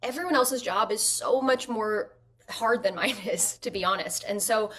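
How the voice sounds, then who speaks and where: A woman, an actress and guest, telling stories at home in a lively way and using "like" often. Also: fairly high pitch, normal speed. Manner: animated storyteller, frequent "like" fillers. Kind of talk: conversational interview.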